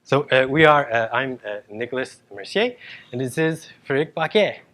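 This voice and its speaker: A man's voice: medium pitch, lively intonation, normal speed, fairly bright tone. A man with a Quebec French accent, a native French speaker, giving a joking, chatty conference talk with many fillers. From Quebec, Canada. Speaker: agile coach, conference speaker. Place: conference stage before an audience.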